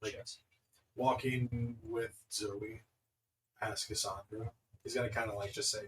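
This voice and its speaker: A man's voice: on the low side, flat delivery, measured pace, pauses often, a little hiss or hum, poor audio. A man playing a tabletop game, speaking hesitantly with plenty of fillers. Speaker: player.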